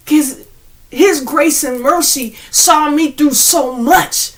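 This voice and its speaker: A woman giving an animated, slangy spiritual pep talk straight to her viewers, often laughing between points. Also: high voice, takes it slowly. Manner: preachy, addresses viewers directly. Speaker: spiritual channel host.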